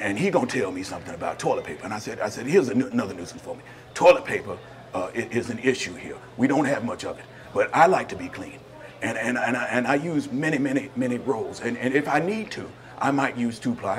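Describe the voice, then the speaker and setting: A man's voice: mid-range voice, lively intonation, fast, close to an everyday voice. A man playing a prison inmate in a sketch comedy monologue, rambling and stammering with indignation.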